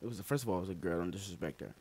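A man's voice: low voice, animated, rapid-fire, darkish tone, breathy edge. A man in casual chat, telling stories in a laid-back way and laughing often.

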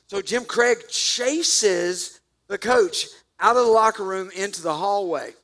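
Animated, bright-voiced male preacher. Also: high-pitched, unhurried. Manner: animated storytelling with jokes and sudden loud bursts. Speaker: pastor. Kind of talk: sermon.

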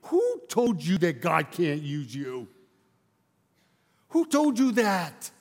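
High-voiced preacher pressing rhetorical questions. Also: male voice, huge pitch swings, takes it slowly, darkish tone, breathy edge, big-room sound. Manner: emphatic, repeating rhetorical questions. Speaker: pastor. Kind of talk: sermon.

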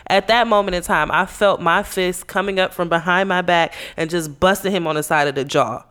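A woman's voice: on the low side, brisk, a bit bright, clean tone. A woman co-hosting a casual TV recap chat, talking in an emphatic, slangy way. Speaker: co-host.

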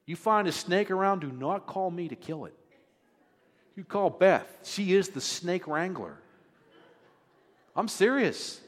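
A man's voice: high-pitched, animated, slow pace, pauses often. Man preaching in a reverberant hall. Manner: conversational, jokes with the congregation. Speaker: pastor. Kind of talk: sermon.

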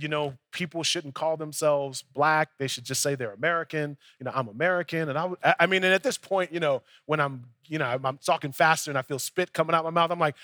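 Man, young adult, pastor, storytelling sermon, high voice, dry close sound. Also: bright, forceful tone, dry recording. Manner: conversational storytelling preacher, acts out dialogue.

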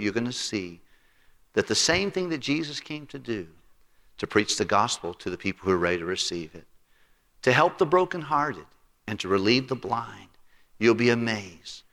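A man's voice: lowish voice, fairly bright tone. A male pastor preaching a sermon, telling stories and acting out the people in them. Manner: storytelling, acts out quotes.

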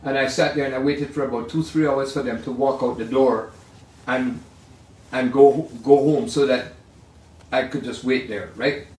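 An older man, a jazz pianist, telling rambling, animated stories in a casual way. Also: medium pitch, moderate pace. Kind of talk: casual storytelling. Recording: roomy sound from far off.

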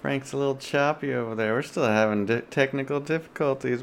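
A man's voice: medium pitch, fairly quick, creaky, hardly any pauses, a little hiss or hum. A man co-hosting a casual podcast over a video call, rambling with many fillers and restarts. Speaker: podcast co-host.

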